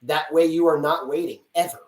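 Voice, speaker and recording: A man who works as a casting director answers questions on a live stream, chatty and lively, acting out little scenes. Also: on the high side, a little fast, reverberant, far from the mic, low-quality recording.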